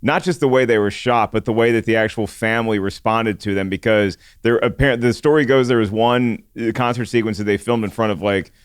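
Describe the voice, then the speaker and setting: Smooth-voiced man host, dry close sound. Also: lowish voice, a little fast, hardly any pauses, no echo. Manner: thoughtful, hesitant, many restarts. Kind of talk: casual chat.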